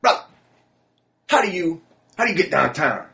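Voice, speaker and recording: A man imitating a cheerful drunk homeless man in a sharp suit, breezy and smooth-talking, repeating himself. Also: on the high side, big pitch swings, moderate pace, voice pushed up, full character voice. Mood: eager. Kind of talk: storytelling impression.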